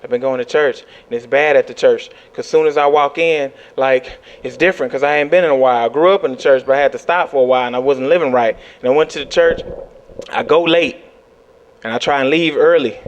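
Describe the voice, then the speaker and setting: A young man does a stand-up set, telling animated stories and leaping into high squeals whenever he acts out panic. He talks a little fast, and the sound is lo-fi.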